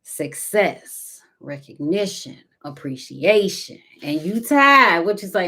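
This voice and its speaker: A woman giving a casual spiritual tarot reading, talking intimately to viewers and calling them baby and honey, sometimes dropping to a soft whisper. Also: on the low side, sing-song, slow, hardly any pauses. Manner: intimate and chatty, calls listeners baby and honey. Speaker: tarot card reader.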